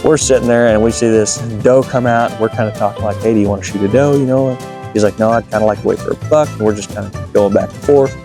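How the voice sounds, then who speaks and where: A man hosting a hunting video, telling a folksy, excitable story about a deer hunt. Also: fairly low pitch, fast talker. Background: guitar music.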